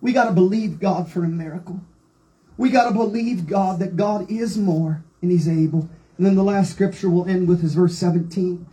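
A woman's voice: lowish voice, normal speed, warm tone, rough recording. A woman preaching a Pentecostal sermon, reading scripture aloud with fervent, rousing delivery.

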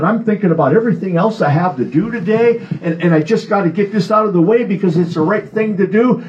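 A pastor preaching a sermon in a conversational way, often adding "amen". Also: male voice, high voice, dull audio.

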